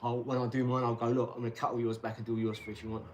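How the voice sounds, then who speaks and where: A man's voice: medium pitch, level tone, rapid-fire, noisy background. A middle-aged British man hosting a casual boxing livestream, rambling bluntly, swearing freely and talking to his viewers. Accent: British English.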